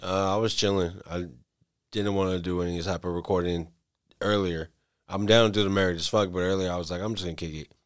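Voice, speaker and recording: A man's voice: sits low, level tone, fairly quick, smooth, dry recording, clean studio sound. A man hosting a podcast in laid-back, slangy casual chat. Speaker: podcast host.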